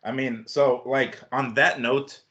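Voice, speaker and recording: Man on a boxing podcast, bright forceful mid-pitched voice, rambling and profane. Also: flat delivery, slow. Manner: rambling, profane, full of restarts. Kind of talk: casual sports chat.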